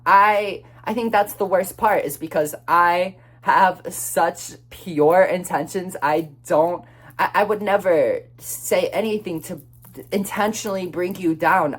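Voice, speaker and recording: A young man chatting through a personal story in a casual vlog, rambling and swearing freely, quick to flare up. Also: high voice. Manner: chatty and expressive, swears freely, flares up when retelling anger; rambling, restarts and many fillers.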